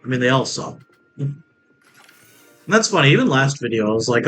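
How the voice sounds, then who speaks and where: A man's voice: mid-range voice, animated, a little fast, fairly bright tone, slightly rough, faint music behind, low-quality recording. A man giving casual, rambling commentary while he plays a theme park building game, joking and laughing at his own jokes. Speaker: let's play gamer.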